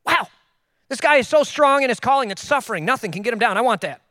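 A man preaching a sermon in a casual, joking way, with quick asides to the congregation. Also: extremely high pitch, animated, pushed and bright, no room sound, studio quality. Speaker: pastor. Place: church.

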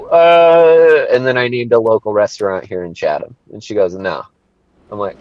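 A man's voice: lowish voice, expressive, normal speed, darkish tone, muffled recording. A man, a young adult, co-hosting a podcast and telling a rambling, profane story in a casual chat. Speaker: podcast co-host. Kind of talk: casual crude podcast banter.

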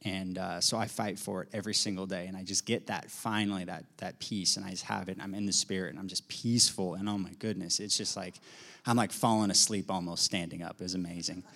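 A man casually sharing a testimony at a church gathering, rambling and animated, with lots of fillers. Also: sits low, quick pace, vocal fry. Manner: animated, filler-heavy storytelling with acted quotes. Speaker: congregation member sharing a testimony.

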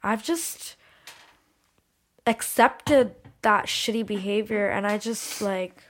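A woman's voice: medium pitch, slow, a bit bright. A young adult woman, a musician guest on a podcast, talking candidly and emotionally, swearing freely and filling her speech with "like".

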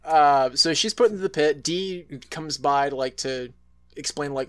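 A man's voice: on the high side, steady tone, normal speed, fairly bright tone, clean tone. A man co-hosting a casual podcast, rambling with many restarts and fillers and swearing freely. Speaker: podcast co-host. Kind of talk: casual chat.

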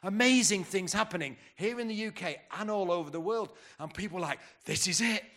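Brief: fifties man, a bit high-voiced, fired-up conference preacher who throws questions at the crowd. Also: a little fast, fairly bright tone. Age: 50s. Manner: rousing, asks the crowd questions, stumbles and restarts. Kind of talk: conference sermon.

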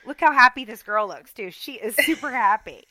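A woman's voice: on the high side, normal speed, dry recording. A woman in her forties with a Southern US accent, co-hosting a casual chat and telling stories animatedly, acting out the people she quotes. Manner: animated storytelling, acts out quotes. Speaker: podcast co-host.

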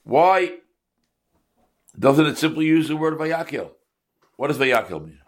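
A man's voice: on the high side, animated, unhurried. A man teaching a Torah class to his congregation, asking rhetorical questions and mixing in Hebrew and Yiddish terms.

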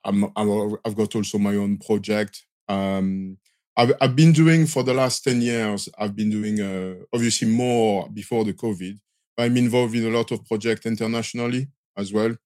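Low-voiced man with a strong French accent. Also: fairly even intonation, moderate pace, a little mellow, dry recording. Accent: French, Marseille. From France. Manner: hesitant, many fillers and restarts. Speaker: guest, lighting system designer. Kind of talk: casual interview talk.

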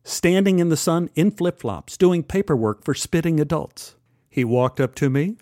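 A man's voice: a little high, animated, moderate pace, a little mellow, no room sound. A man from Texas telling a personal story in a wry, conversational way with dry humor. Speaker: podcast storyteller.

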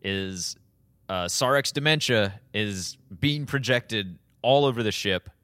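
Man in his thirties, casual podcast co-host; animated, bright, expressive delivery. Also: fairly low pitch, takes it slowly, clean tone, no echo. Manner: animated, laughs often, acts out quotes.

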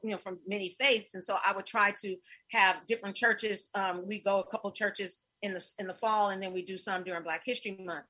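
A middle-aged woman hosting a casual interview, telling stories with warmth and getting emotional, her voice husky. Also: medium pitch. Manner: effusive, storytelling, emotional. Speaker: host.

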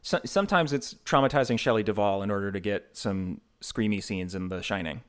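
A man's voice: lowish voice, a little fast, clean tone. A man co-hosting a podcast in casual chat, joking and laughing often. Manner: joking, lively, laughs loudly. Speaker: podcast co-host.

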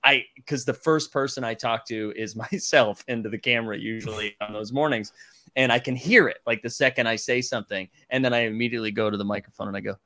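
A man's voice: medium pitch, quick pace, sharp tone. A man hosting a casual chat, reacting often with easygoing interjections. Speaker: host.

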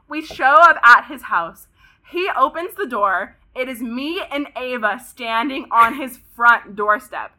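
A young woman of about twenty from Pasadena, California, guests on a podcast and tells a story with heavy drama. Her voice is very bright and pitched a little high. She piles on "like" and swears freely as she talks. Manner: dramatic, animated retelling, heavy use of "like" and swearing. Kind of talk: casual storytelling chat.

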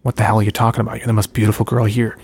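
A man's voice: lowish voice, flat delivery, racing, gravelly, breathy edge, pitched below the performer's own voice. A man improvising a brash young man from the big city, blunt and cocky.

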